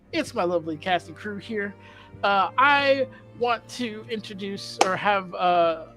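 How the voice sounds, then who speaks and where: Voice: mid-range voice, fairly bright tone. A game master opening a tabletop stream and introducing the cast, dry and self-mocking.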